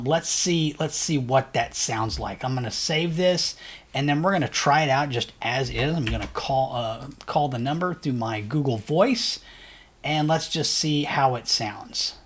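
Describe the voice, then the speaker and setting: A man who runs an agency, talking casually through a software tutorial with upbeat, rambling speech and frequent fillers. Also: medium pitch. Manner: loose, rambling, many fillers and restarts; enthusiastic, says "really cool" often. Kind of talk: casual screen-share tutorial.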